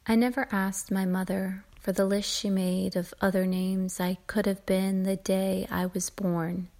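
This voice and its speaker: Woman, poetry reading, flat even delivery, gravelly fry, measured and lingering. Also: medium pitch. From United States. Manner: measured, lingering, trailing off into breathy whispers at line ends. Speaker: poet.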